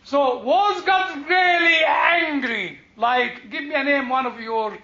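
A man with a very high-pitched, sharp voice lectures slowly on the Bible before a live class, the room reverberant and the audio dull. He wanders off on tangents, says "you know" a lot, chuckles often, and puts questions to his audience.

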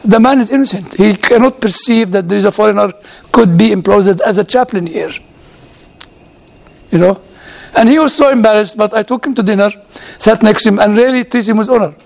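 A lecturer and chaplain tells funny anecdotes in a chatty, storytelling manner, performing the dialogue he quotes. His voice sits high and sounds brisk and gravelly.

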